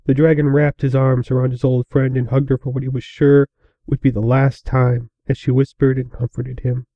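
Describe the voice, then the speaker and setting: A man narrating a fan fiction story aloud in a slow, measured way. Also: mid-range voice, flat delivery, dry recording, highs cut off.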